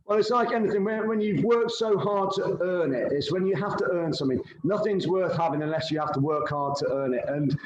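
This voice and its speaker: A man's voice: sits high, fairly quick, few pauses, reverberant, lo-fi sound, noisy background. A man, a fitness instructor and former paratrooper, speaking earnestly and repeating words as he builds his point. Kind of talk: casual call-in chat.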